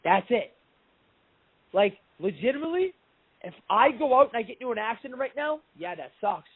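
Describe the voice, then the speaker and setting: A man with a high, slightly husky voice talks openly and reflectively, dropping the odd curse. He comes through a thin, tinny phone line. The chat is loose and casual. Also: animated, a little fast. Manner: candid, swears casually, reflective.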